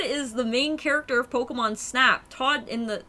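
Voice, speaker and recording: A young woman livestreaming, her voice bright and fairly high, talking in a chatty, animated way. She reacts to her viewers as she plays and laughs easily. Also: normal speed, hardly any pauses. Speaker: streamer. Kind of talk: casual live-stream chat with viewers.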